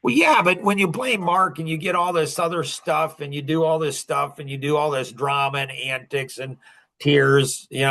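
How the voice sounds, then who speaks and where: A man's voice: on the high side, sharp tone. A man coaching a group, lecturing in a blunt, emphatic and scolding way.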